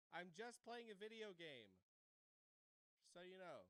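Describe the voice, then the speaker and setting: Man, high lively voice, bright and crisp, rambling game commentary with sudden screams, close dry home mic. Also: measured pace, no room sound. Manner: rambling, laughing, screaming bursts. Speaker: game streamer. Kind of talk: let's-play commentary. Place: home room. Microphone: desk microphone.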